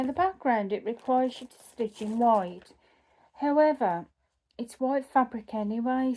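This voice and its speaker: A woman's voice: a little high, warm tone. A woman who runs a cross-stitch channel, chatting casually at home as she sorts through her craft kits, thinking aloud and correcting herself as she goes.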